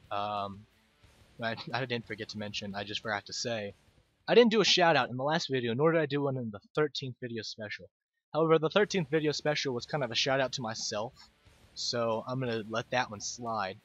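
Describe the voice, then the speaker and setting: A man talking over a video game, rambling, stumbling over words and laughing at his own slips. His pitch swings a lot. The recording is dull and lo-fi, with faint game music behind. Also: fairly bright tone. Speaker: gaming video host. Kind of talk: casual game commentary.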